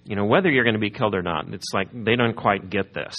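Low-voiced pastor preaching conversationally. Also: male voice, fast, highs cut off. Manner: conversational, asks the congregation questions. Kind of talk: sermon.

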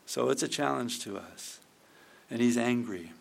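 A man's voice: medium pitch, big pitch swings, unhurried, creaky. A middle-aged man preaching a conversational sermon, often acting out quoted prayers. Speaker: pastor.

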